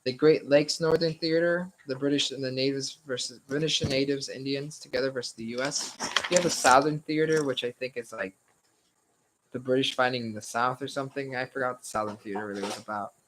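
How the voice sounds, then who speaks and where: A man's voice: medium pitch, fairly even intonation, fairly quick, fairly bright tone, slight background noise, poor audio. A young man leading a casual study-session lecture, loose and rambling with frequent swearing and hedging, his voice a little strained. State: slightly strained voice.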